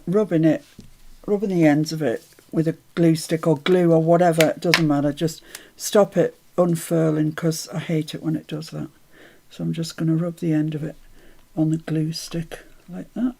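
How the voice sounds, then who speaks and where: Gravelly-voiced woman crafting live. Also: low voice, steady tone, dark tone. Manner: chatty, self-mocking, quick to laugh. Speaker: craft live-stream host. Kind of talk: chatty live crafting demo.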